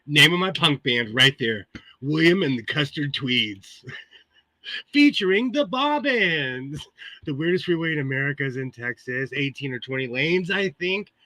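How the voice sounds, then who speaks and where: Chatty Californian man, bright voice. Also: a little high, expressive, unhurried, no room sound. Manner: chatty, laughs often between remarks. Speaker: livestream host. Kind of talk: casual chat answering live viewers. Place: home sewing room.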